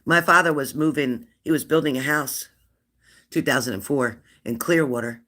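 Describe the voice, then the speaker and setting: A woman in her fifties hosting a live stream, chatting warmly and laughing as she reads out viewers' comments. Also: a bass voice, moderate pace. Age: 50s. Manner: chatty and affectionate, laughs often, answers comments aloud. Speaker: livestream host of a spirit-messages channel.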